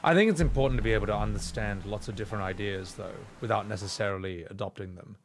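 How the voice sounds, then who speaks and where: A man's voice: on the low side, fast. A man streaming a game, rambling casually to chat with plenty of swearing, game music behind him.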